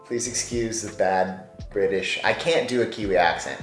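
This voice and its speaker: A man's voice: on the low side, moderate pace. A man hosting a casual vlog, talking in a playful, jokey way. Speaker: vlog host. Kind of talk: casual chat. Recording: echoey room with faint music.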